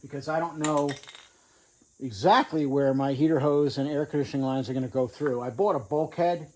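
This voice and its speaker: A man's voice: fairly high pitch, steady tone, normal speed, a little mellow, a little hiss or hum, poor audio. A man casually narrating his truck build in a home garage, offhand and thinking aloud with fillers. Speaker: garage vlogger.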